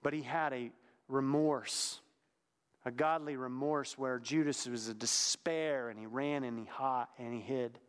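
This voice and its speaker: A man preaching a sermon in a conversational, reflective way, sometimes dropping to a hushed tone. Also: mid-range voice, fairly even intonation, a little slow, smooth, in a large hall.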